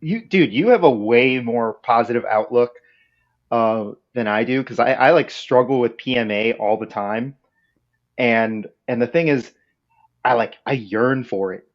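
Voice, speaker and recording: A man's voice: mid-range voice, unhurried, highs cut off. Man in candid podcast chat. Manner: candid and reflective. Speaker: podcast co-host. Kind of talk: casual chat.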